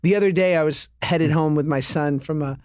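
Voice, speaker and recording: A man's voice: fairly high pitch, brisk, darkish tone, dry recording, clean studio sound. A man in his thirties co-hosting a casual chat, joking and laughing often. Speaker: podcast co-host.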